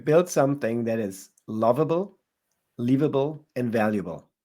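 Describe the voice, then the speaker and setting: A man's voice: medium pitch, lively intonation, moderate pace, dark tone. A man giving advice as a guest in an interview, often restarting his phrases as he searches for words. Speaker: guest entrepreneur. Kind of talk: casual interview answers.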